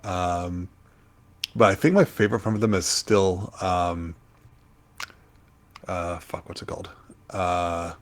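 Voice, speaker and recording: A man co-hosting a podcast in casual chat, pausing often with fillers while he recalls names. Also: deep voice. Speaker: podcast co-host.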